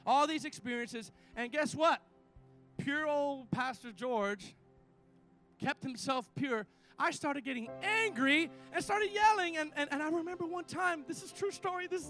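A middle-aged male pastor preaching a sermon, telling stories with lively call-and-response to his congregation. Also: extremely high pitch. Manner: animated storytelling with call-and-response.

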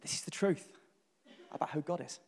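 Earnest man preaching in a hall. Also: brisk. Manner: earnest, emphatic, builds lists and repeats phrases. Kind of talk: sermon. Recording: long reverb from a large hall.

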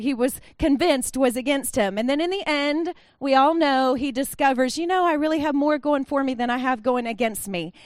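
High-voiced woman preaching casually. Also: no room sound, clean studio sound. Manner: chatty and conversational, with acted-out quotes. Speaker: pastor. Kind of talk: sermon.

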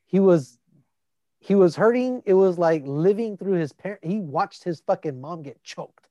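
Casual chatter, lively retelling, swears, dry close sound. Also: mid-range voice, measured pace, dry recording, muffled recording. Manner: animated storyteller, swearing. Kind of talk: casual chat about a movie.

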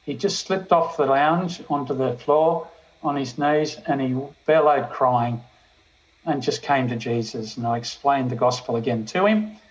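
An older man, a police chaplain giving a storytelling sermon testimony that slows down for emphasis. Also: mid-range voice, lo-fi sound. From Australia.

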